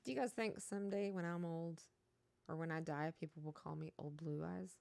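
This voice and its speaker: A woman's voice: sits low, steady tone, a little fast, creaky, over music. A middle-aged woman with a Kentucky Southern accent, chatting casually and giggling with her live-stream viewers.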